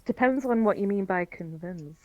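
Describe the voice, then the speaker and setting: A woman's voice: medium pitch, expressive, normal speed, darkish tone, slight background noise. A woman playing a tabletop game, blunt and amused. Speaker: player. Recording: slightly dull sound.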